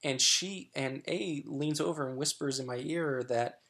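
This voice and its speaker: A man's voice: a little high, a little slow, gravelly, fairly bright tone. A middle-aged man sharing candid personal stories as a guest, frank and chatty with lots of fillers and restarts.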